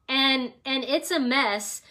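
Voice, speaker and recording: A woman hosts an emotional wellness session from her home, talking through ideas in a loose, reflective way and weaving in personal stories. Her voice sits a little high and sounds bright and forward. The delivery is conversational and wandering rather than scripted. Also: slow. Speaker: host of an emotional wellness talk. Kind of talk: casual spoken teaching with personal stories. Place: at home with her dog nearby.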